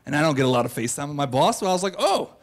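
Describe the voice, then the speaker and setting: Male live storyteller, high-pitched, brash and self-mocking, stage mic. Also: rapid-fire. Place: theater stage before a live audience.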